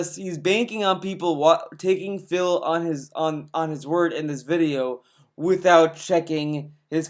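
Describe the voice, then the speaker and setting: A man giving a profane, sarcastic reaction commentary, exasperated and ranting. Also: fairly high pitch. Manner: exasperated, sarcastic, heavy swearing.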